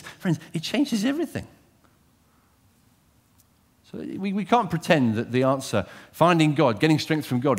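A man preaching a sermon, animated and direct, asking his listeners questions and swinging from loud emphasis to quiet intensity. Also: on the high side, slightly rough.

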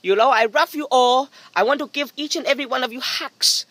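A very high-pitched man talks briskly, with no room sound, in a jokey vlog shot outdoors by a private pool on his phone's front camera. The rambling comedic monologue is sarcastic and deadpan, and he mostly mocks himself.

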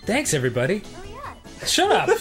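Male game commentary co-host. Relaxed, teasing, laughs a lot, very slow delivery. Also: very high-pitched. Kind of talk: laid-back let's-play banter.

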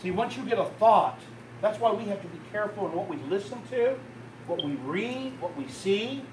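A man's voice: high-pitched, animated, moderate pace, background noise. A male pastor preaching a sermon, telling the story with a voice that rises and falls in intensity. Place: church sanctuary. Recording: roomy, distant church recording.

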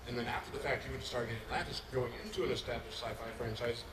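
A man asks a panel guest a question, pausing as he hunts for the right words. He stands back from the microphone, his voice reaching across an echoey convention hall. Heavy background noise fills the gaps around him. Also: mid-range voice. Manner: hesitant, searching for words. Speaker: fan asking a question at a convention. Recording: distant mic in a noisy echoey hall.

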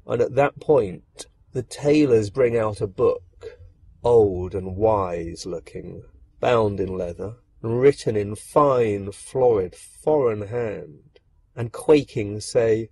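A man narrating a dark fairy tale, expressive and speaking directly to the listener. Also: lowish voice, takes it slowly, creaky, breathy edge. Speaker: storyteller. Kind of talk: dramatic storytelling narration.

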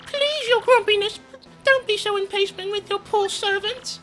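A very shrill, high old witch servant, done by a man who fawns over her master with prim, overly proper politeness. Faint game music plays underneath. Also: normal speed, fairly bright tone, poor audio. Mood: fawning.

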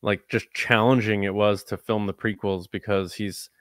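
A man's voice: lowish voice, level tone, normal speed, dry recording, studio quality. A man co-hosting a podcast in casual chat, rambling with many likes and restarts. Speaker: podcast co-host.

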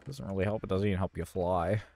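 A man's voice: sits low, quick pace, darkish tone, a little hiss or hum. A man hosting his gaming channel, giving live gameplay commentary in an exasperated, self-talking way with mild cursing.

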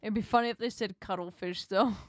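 A woman playing through a narrative video game reads its text aloud with feeling, stopping now and then for dry, amused remarks. Her voice sits at a middle pitch and sounds close and dry, with no room echo. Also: steady tone, a little fast. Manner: reads narration expressively, breaks off for wry asides. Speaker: game streamer.

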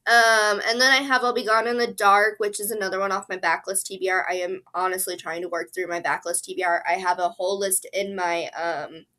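Bright-voiced sick woman chatting about books. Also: mid-range voice, steady tone, a little fast, hardly any pauses. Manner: chatty, apologetic, with fillers. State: sick, coughing and sneezing. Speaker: book vlogger. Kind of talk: casual chat.

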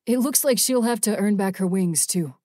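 A woman's voice: mid-range voice, moderate pace, warm tone, no room sound, close to an everyday voice. A male shapeshifter warrior with a wry, matter-of-fact delivery, as a woman reader puts him on. He speaks plainly and without fuss. The audiobook recording is dry and close.

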